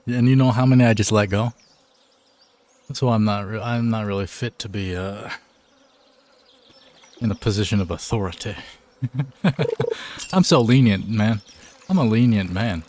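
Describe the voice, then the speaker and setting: A man's voice: lowish voice, a little slow, pauses often, darkish tone, slight background noise. A man chatting casually on a live game stream, laid-back and joking, full of slang.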